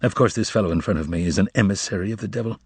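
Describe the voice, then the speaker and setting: A man reading aloud, voicing a weary, troubled male writer who speaks quietly and firmly. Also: sits low, racing, breathy edge, no echo. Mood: brooding.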